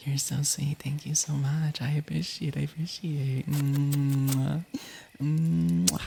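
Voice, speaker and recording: A man's voice: on the high side, flat delivery, takes it slowly, vocal fry, mellow, slight background noise. A young man whispering through an ASMR stream, giggling and cutting himself off as he chats and reads stories aloud. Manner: giggly, playful, keeps interrupting himself.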